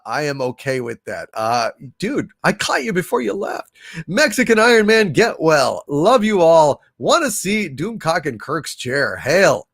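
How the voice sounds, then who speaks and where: A sniffly man hosts a casual livestream and reads viewer messages aloud, breaking into loud exclamations between them. His fairly high voice swings widely in pitch while his pace stays slow and unhurried. The sound is dry and close. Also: dry recording. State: sniffly and irritated throat from allergies.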